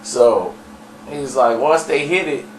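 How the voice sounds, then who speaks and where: A man's voice: mid-range voice, slow, very noisy. A man telling a story in a casual, rambling way with many fillers and chuckles. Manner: rambling, laughing, full of fillers. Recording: echoey room, far from mic, faint ambience.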